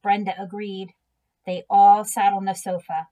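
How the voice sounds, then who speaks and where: A woman reading a children's book aloud in a gentle, unhurried storytelling manner. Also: medium pitch, level tone, rough recording. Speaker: reader.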